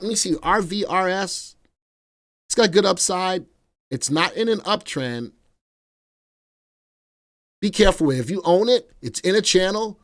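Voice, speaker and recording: A middle-aged man hosting a live stock market stream, chatting energetically and playfully with viewers, even breaking into song. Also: sits high. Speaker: stock market analyst host.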